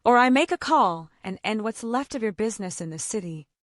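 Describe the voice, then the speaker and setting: A woman voicing a calm, protective male executive who speaks firmly and in a measured way. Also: medium pitch, dry recording, clean studio sound, natural voice. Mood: threatening. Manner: firm, cool and measured.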